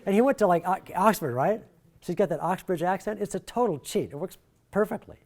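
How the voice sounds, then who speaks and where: A middle-aged man leading a workshop, talking in a jokey, animated way and swinging his pitch and volume a lot. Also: brisk. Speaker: workshop presenter. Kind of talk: lively workshop talk.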